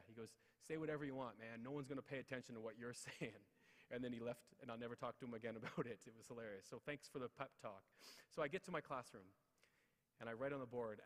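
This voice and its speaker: A man giving a motivational speech into a headset mic, telling stories with lively acted-out dialogue. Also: medium pitch. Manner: energetic, acts out dialogue in raised voices. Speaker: keynote speaker. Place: large ceremonial hall. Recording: reverberant hall.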